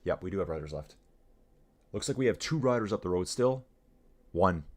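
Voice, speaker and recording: At a moderate pace, a middle-aged man with a deep, low voice chats his way through a live bike race. He sounds relaxed and energetic, constantly calling his viewers guys and dudes.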